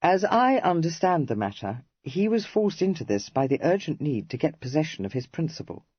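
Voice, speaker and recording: A narrator voicing Kit, an earnest, troubled young Regency gentleman, with a grave, wry and gently affectionate manner. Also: on the high side, big pitch swings, normal speed, breathy edge, no echo, lo-fi sound. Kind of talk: audiobook character reading.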